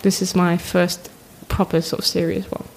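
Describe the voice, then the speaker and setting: A young woman, a podcast guest chatting casually, self-mocking and animated, acting out what others say. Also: on the low side, normal speed, creaky. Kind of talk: casual chat.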